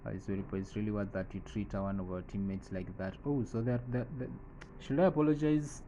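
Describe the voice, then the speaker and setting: A man narrating his football management game, thinking aloud through decisions and breaking into excited play-by-play calls at goals. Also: lowish voice, a little fast, a little hiss or hum, rough recording. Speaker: gaming channel host.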